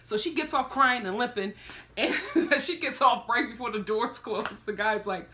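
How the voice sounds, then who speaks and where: Animated, bright-voiced woman vlogger. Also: fairly high pitch, moderate pace, a little hiss or hum. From Philadelphia, USA. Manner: animated, laughs often while telling stories. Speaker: reality TV reaction vlogger. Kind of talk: casual storytelling commentary.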